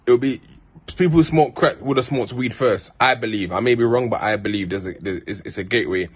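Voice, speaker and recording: A man's voice: mid-range voice, quick pace, slightly rough. A man from South London with a South London accent, telling rambling, heartfelt stories in a casual monologue full of street slang and restarts. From Peckham, South London. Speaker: vlogger.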